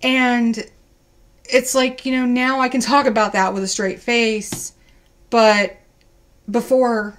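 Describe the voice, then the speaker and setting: A young woman speaking as an interview guest, telling her own story in a candid, heartfelt way. Her voice sits a little on the high side, and she often drops into quoted dialogue from the people in her story. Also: little pitch movement, slow pace, pauses often. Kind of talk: unscripted personal storytelling.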